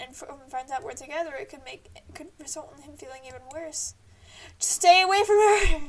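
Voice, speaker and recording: Young female let's-play host, high and bubbly, quick to exclaim. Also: a bit bright. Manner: playful, exclamatory. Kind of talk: game commentary and dialogue reading.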